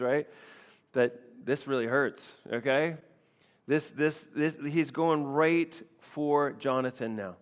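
In a large hall, a man with a mid-range voice and a measured pace gives an expository sermon. The pastor keeps it conversational, repeating phrases and regularly checking in with the congregation through "right?" asides.

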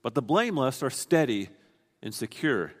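A man's voice: medium pitch, sing-song, normal speed, big-room sound. A man preaching a sermon, explaining a scripture passage in an earnest, teaching way, often restarting his sentences.

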